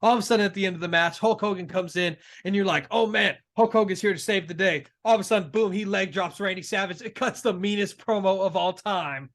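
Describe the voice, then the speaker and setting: An excitable man co-hosts a casual wrestling chat. His voice sits high and sounds bright and forward, and he gushes about the moments he loves and laughs often. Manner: excitable, gushing, quick to laugh. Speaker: co-host.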